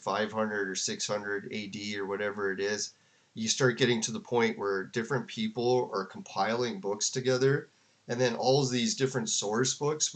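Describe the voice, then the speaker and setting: A man talks through a debate in loose, rambling commentary for his chat. His speech is full of fillers and restarts. His voice sits at an ordinary middle pitch. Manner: rambling, filler-heavy, with frequent "like" and laughs. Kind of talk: casual commentary to a live chat.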